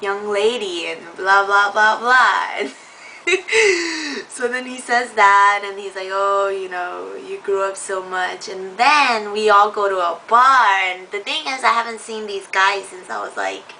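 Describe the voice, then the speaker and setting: A woman's voice: mid-range voice, slow pace, recorded from a distance, a little hiss or hum, poor audio. A woman in her twenties telling a story in a casual vlog, giggling often and acting out what people said. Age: 20s. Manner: giggly, animated, acts out quotes. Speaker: vlogger.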